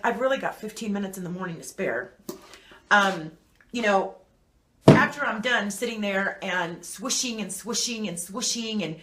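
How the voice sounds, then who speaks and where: A woman's voice: medium pitch, bright, forceful tone. A woman hosting her own channel, talking casually and rambling with lots of fillers. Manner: chatty and rambling, with many fillers. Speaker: channel host. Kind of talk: casual talk to camera. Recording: echoey room.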